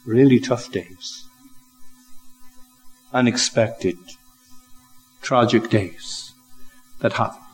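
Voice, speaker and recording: An older man preaching a sermon, slow and reflective, building to emphatic rises. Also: mid-range voice, husky, soft background music, poor audio. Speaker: pastor.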